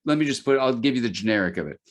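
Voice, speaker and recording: A man's voice: medium pitch, expressive, racing. A middle-aged man, an author speaking as a guest in a webinar conversation, telling stories with frequent restarts and fillers. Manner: storytelling, many restarts and fillers.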